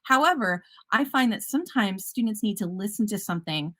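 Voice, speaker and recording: A woman's voice: mid-range voice, lively intonation, fairly quick, a bit bright. A woman teacher giving a conference presentation, upbeat and enthusiastic, with casual fillers and self-corrections. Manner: upbeat, enthusiastic, a bit punny.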